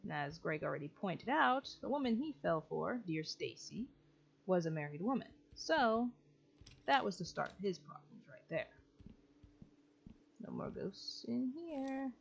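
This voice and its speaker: A woman's voice: medium pitch, sing-song, a little slow, vocal fry, a little hiss or hum. A woman hosting a let's play, giving casual, chatty gameplay commentary and explaining each step to viewers. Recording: lo-fi with faint game music.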